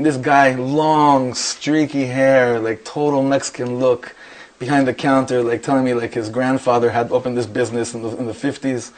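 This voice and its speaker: A middle-aged rabbi tells lively anecdotes packed with quoted dialogue before a Torah class. His pitch is medium and his delivery brisk.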